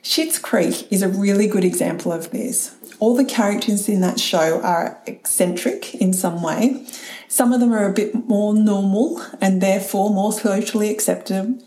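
A woman's voice: medium pitch, darkish tone, echoey room, rough recording. A middle-aged woman, talking candidly and chattily on her own podcast, laughing now and then and swearing casually. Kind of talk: reflective solo talk.

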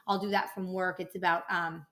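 A woman's voice: on the low side, little pitch movement, normal speed, pushed and bright. A young adult woman hosting a casual podcast, ranting and swearing freely as she gets worked up. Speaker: podcast host, dental office worker.

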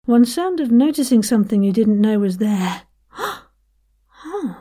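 A woman hosting a podcast episode, playfully leading listeners through vocal warm-ups and demonstrating the sounds herself, often giggling and slipping into whispers. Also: medium pitch, wildly swooping pitch, slow pace. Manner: demonstrates vocal exercises out loud. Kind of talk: playful instructional warm-up coaching.

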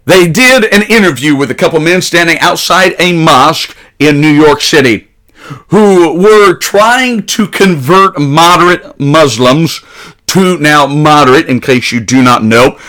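Man, political commentator, slightly high voice, emphatic, preachy monologue. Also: fairly bright tone. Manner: emphatic, preachy, rising to urgent peaks. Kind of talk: opinion monologue.

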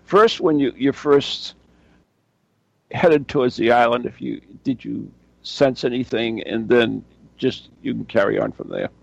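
A man hosts a casual podcast, lobbing joking asides and restarting his questions as he goes. His voice is gravelly with heavy fry, recorded dry on dull, lo-fi audio. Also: medium pitch, unhurried, dry recording. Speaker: podcast host.

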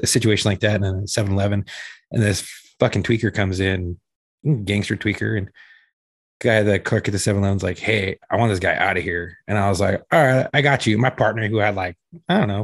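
A police officer telling a story in casual chat, acting out the dialogue and swearing freely. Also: male voice, lowish voice, steady tone, fast talker, dry recording.

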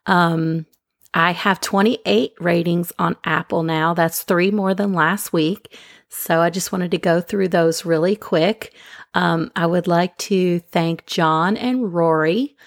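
A woman hosting a podcast, talking to her listeners in a calm, gentle, unhurried way into a microphone. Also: lowish voice, vocal fry, dry recording, clean studio sound. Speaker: podcast host. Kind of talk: casual chat to listeners.

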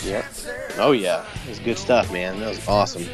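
A man co-hosting a podcast in casual chat, easygoing and quick to laugh and agree. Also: lowish voice, music in the background. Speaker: podcast co-host.

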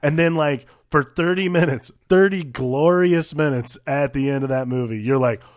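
A man's voice: on the high side, normal speed. A man co-hosting a casual movie chat, rambling through odd comparisons and swearing as he acts out little quoted lines. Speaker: podcast co-host.

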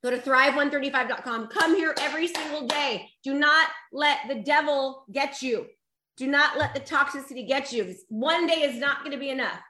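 A woman's voice: sits high, normal speed, bright, forceful tone, echoey room, slight background noise. A woman giving a live online motivational talk as a coach, emphatic and exhorting her viewers, tearful at times. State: emotional, tearful.

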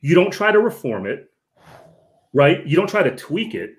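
A man's voice: a little high, very animated, normal speed. A man speaking as a guest in a casual podcast conversation, earnest and lecturing, often repeating words and tagging on "right?".

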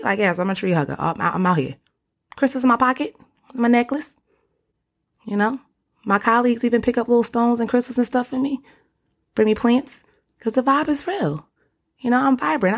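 A young woman with a creaky, medium-pitched voice hosts a solo podcast. She talks casually and animatedly in slang, often calling the listener honey or baby.

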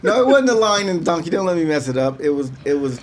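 Lively storytelling man. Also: a little high, fast talker, a little hiss or hum. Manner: animated storyteller, voices characters. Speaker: co-host. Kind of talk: casual chat.

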